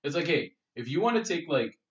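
A man's voice: on the high side, a little fast. Canadian man chatting on a roomy podcast. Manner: animated, filler-heavy storytelling. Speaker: podcast co-host. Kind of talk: casual chat. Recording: roomy, distant, dull-sounding mic.

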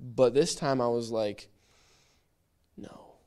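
A man teaching a church Bible study, conversational and lively, acting out little quoted voices as he explains. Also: lowish voice, measured pace.

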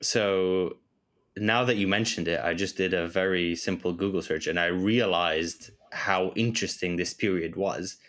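A man's voice: low voice, a little slow, a bit bright. A man co-hosting a podcast in casual chat, asking questions and reading out facts. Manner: inquisitive, reads out facts. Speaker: podcast co-host.

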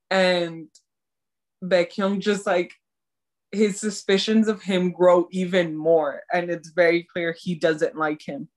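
A young woman retelling a drama episode scene by scene in casual chat, animated and full of "like". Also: fairly low pitch, measured pace. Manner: animated storytelling, many "like"s. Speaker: co-host recapping a drama.

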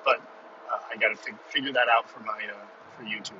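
A middle-aged man hosting a casual solo podcast from inside his car, rambling and self-deprecating, excitable in his talk. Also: on the low side, quick pace, distant mic, dull audio, a little hiss or hum. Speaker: podcast host.

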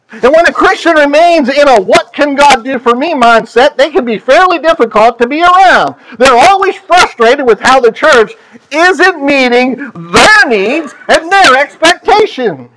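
High-voiced pastor preaching, animated storyteller, playful, chatty. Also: male voice, rough recording. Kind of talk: sermon.

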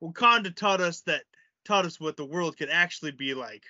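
A man co-hosting a podcast in loose, joking chat, laughing often. His voice is high, bright and very lively. The sound is dry and a little dull. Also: moderate pace, dry recording. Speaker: podcast co-host. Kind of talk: casual chat.

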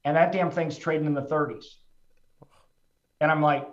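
A middle-aged man with a fairly high voice tells his own story candidly, plain-spoken and heartfelt, with casual restarts. The sound is roomy and somewhat dull, as if recorded in an echoing space. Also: steady tone, normal speed. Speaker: trader speaking as a guest. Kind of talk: candid personal storytelling in a conversation.

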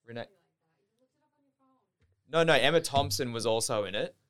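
A young Australian man spins a story in relaxed podcast chat. His voice is smooth and clear, sitting at a middle pitch. He talks loosely, swears freely and fills his sentences with "like". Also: moderate pace. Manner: loose, swears often, heavy use of "like". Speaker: podcast guest, Olympic diver.

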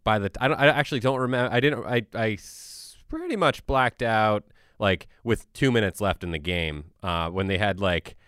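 A man talks casually, stumbling and restarting as he works through his story. His voice is low and smooth, and the recording is dry and close. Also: animated, fairly bright tone, no room sound. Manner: halting, many restarts and fillers. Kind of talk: casual chat.

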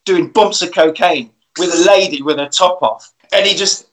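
A man's voice: sits high, moderate pace, a bit bright, rough recording. A man casually recapping a film plot, swearing and acting out the characters' lines.

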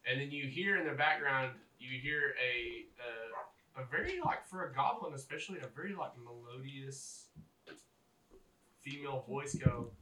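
A man's voice: mid-range voice, normal speed, sharp tone. A man narrating as game master of a tabletop game, in loose, rambling narration with many fillers. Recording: echoey room, distant mic, faint hiss.

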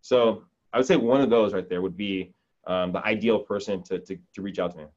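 A man's voice: on the low side, fairly quick, a little mellow, lo-fi sound. A man speaking as a podcast guest in casual chat, encouraging and coaching, often repeating words as he starts. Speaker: podcast guest, real estate agent.

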